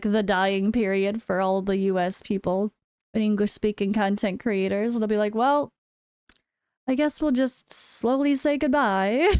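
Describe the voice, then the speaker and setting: American woman, gaming creator, casual vlog chat, frank, sarcastic asides, smooth clear voice, dry close sound. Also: mid-range voice, darkish tone, no room sound. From United States. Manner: candid and unscripted, with wry sarcastic asides. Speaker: full-time gaming content creator.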